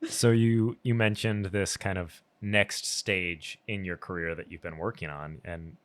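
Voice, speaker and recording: Low-voiced man asking measured questions. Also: steady tone, dry recording. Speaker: podcast co-host. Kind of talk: casual podcast interview.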